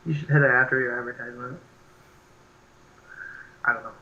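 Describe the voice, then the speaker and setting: A man's voice: medium pitch, steady tone, a little fast, bright, forceful tone, dull audio. A young man co-hosting a podcast in casual chat, rambling and laughing with lots of filler words. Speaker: podcast co-host.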